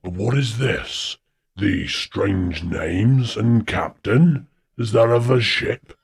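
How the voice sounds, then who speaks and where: A man playing a kind, courteous French village doctor in an amateur audio drama. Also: exaggerated voice. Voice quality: very husky, slow and low. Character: kindly old-fashioned male village doctor, French. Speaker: doctor character.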